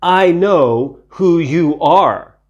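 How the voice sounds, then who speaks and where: A man's voice: fairly high pitch, lively intonation, extremely slow, darkish tone, lo-fi sound, voice pushed up. Man putting on a crying demon spirit. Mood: menacing. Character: male unclean spirit, menacing and defiant.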